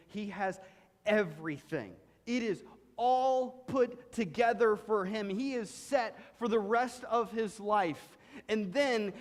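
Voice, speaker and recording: A man with a high voice preaches in a church sanctuary. His delivery is dramatic, rising to loud emphasis and dropping to hushed, low lines. The sound carries a long hall reverb. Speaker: pastor. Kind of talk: sermon.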